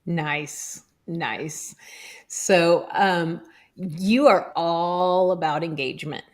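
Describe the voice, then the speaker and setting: Middle-aged woman, podcast host, slightly low voice, relaxed casual storytelling, um fillers, video call. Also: drawn-out words.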